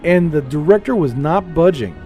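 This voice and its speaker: A man talks casually as he plays a space game, rambling from topic to topic and telling stories in an animated way. His voice sits high for a man. Faint music plays softly underneath. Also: moderate pace. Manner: rambling, animated storytelling with playful put-on voices. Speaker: gaming streamer. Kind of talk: casual gameplay chat.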